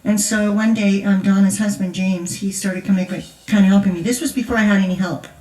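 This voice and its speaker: Her medium-pitched voice stays fairly even, brisk and warm as the older woman, a grandmother, shares a laughing, chatty testimony story at a conference. It's captured from far off in an echoing large church hall.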